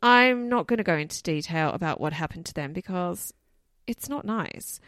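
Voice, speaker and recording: A woman co-hosting a podcast tells a case in a loose, chatty way, sprinkling in plenty of "you know" and "like" asides. Her fairly low voice is expressive and a bit bright, moving at a normal speed. The studio recording is clean, with no echo.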